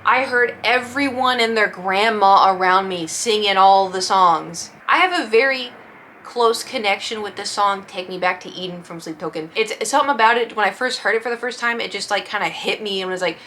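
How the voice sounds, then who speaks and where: A woman's voice: mid-range voice, fairly quick, a little hiss or hum. A young woman chatting casually through a story and acting out what people said. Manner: animated, acts out quotes in shifting voices. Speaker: vlogger.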